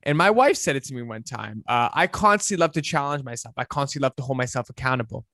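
A man, a fitness coach, giving an emphatic, preachy motivational talk that swings between loud and hushed. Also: mid-range voice, lively intonation, quick pace, no echo, clean studio sound.

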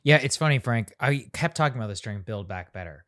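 A male co-host who talks politics bluntly and casually, swearing freely as he goes. His pitch moves about in a lively way. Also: quick pace. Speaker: podcast co-host. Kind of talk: conversational political discussion.

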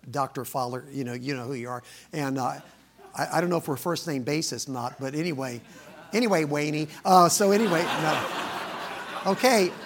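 Folksy gravelly preacher. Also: male voice, on the high side. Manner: folksy, joking, laughing between lines. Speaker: guest preacher. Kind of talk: sermon with joking opening remarks.

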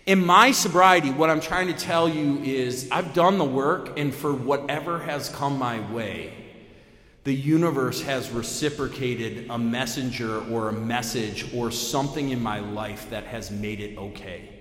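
A man giving a personal recovery talk at a meeting, telling his story casually with lots of fillers and sudden jumps in pitch and loudness. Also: measured pace. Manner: lively storytelling with big pitch swings, many fillers. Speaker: AA main speaker. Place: meeting room. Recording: echoey hall, long reverb.

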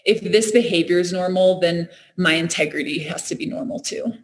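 A woman's voice: lowish voice, a little fast. A woman talking in a reflective, earnest way, often laughing and restarting her sentences. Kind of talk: reflective casual conversation.

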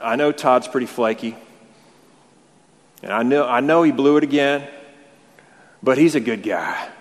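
A man's voice: medium pitch, measured pace, in a large hall, natural voice. A man voicing a folksy figure with a Southern accent, coaxingly pleading for leniency on someone's behalf.

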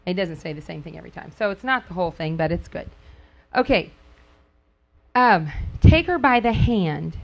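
Animated woman telling a story with laughter. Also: moderate pace, vocal fry. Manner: animated storyteller, acts out quotes with sudden high squeals; laughs often while talking. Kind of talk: casual talk to a group. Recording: dull lo-fi recording.

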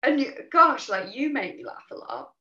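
Woman from New Zealand, guest, animated storyteller; roomy, dull remote audio. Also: a little high, moderate pace. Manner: animated storyteller, laughs often. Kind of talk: casual chat. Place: home.

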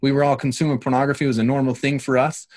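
A man, the host, talking calmly and reflectively in a casual conversation. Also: mid-range voice, rapid-fire, no echo.

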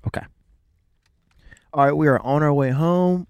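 A man's voice: a little high, normal speed, a little mellow, clean tone, no room sound. A man in his thirties, chatting casually with his wife while driving, with playful jokes and asides. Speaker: vlogger, father. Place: car.

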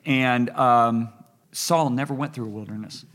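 A man's voice: medium pitch, a little slow. A man in his sixties, a pastor co-hosting a faith talk show, telling stories and acting out dialogue as he preaches. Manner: storytelling, animated retelling of dialogue. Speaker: pastor and co-host. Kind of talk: preaching conversation.

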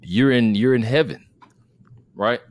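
A man's voice: medium pitch, a little slow, dry recording. A man from the United States in casual conversation, emphatic, asking rhetorical questions and repeating words.

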